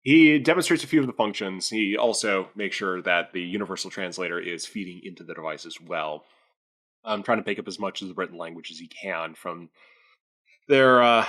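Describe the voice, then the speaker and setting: A man's voice: low voice, normal speed, a bit bright. A man playing his character in a tabletop role-playing game, talking hesitantly with many fillers and restarts. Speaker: player.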